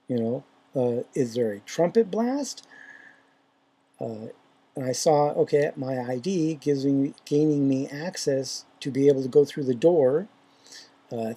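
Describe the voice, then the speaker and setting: Very dark, husky-voiced faith vlogger. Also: mid-range voice. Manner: rambling, hesitant, many fillers and restarts. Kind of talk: casual dream retelling.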